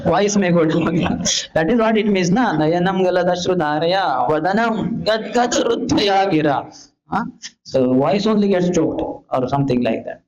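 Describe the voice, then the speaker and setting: A man giving a scripture lecture, animated, asking rhetorical questions and acting out calls and pleas. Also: high voice, normal speed, crowd noise. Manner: animated, rhetorical questions, acts out shouting and pleading. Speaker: preacher giving a scripture class. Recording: dull lo-fi lecture recording.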